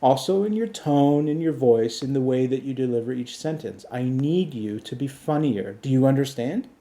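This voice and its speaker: A man runs a comedy podcast and talks back and forth with a voice assistant. His tone is dark and mellow. He speaks in a dry, insistent way and often lectures. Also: mid-range voice, animated, normal speed. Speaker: podcast host.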